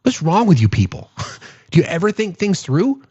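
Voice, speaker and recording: A man's voice: sits high, big pitch swings, normal speed, darkish tone, breathy edge, no echo, lo-fi sound. Exasperated man ranting on a stream. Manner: exasperated, sarcastic, rhetorical questions. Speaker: political commentary host. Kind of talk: live-stream political commentary.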